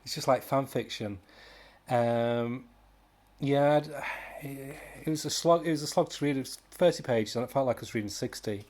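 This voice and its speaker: A man's voice: mid-range voice, normal speed, darkish tone. A British man giving a casual, rambling comic book review, exasperated, with sighs and mocking impressions.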